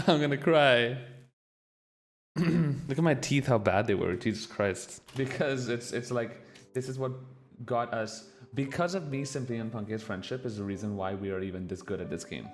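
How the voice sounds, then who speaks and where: A man's voice: medium pitch, normal speed, slight background noise. A man streaming a reaction to a documentary, talking casually, swearing freely and getting openly emotional. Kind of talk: casual live-stream commentary.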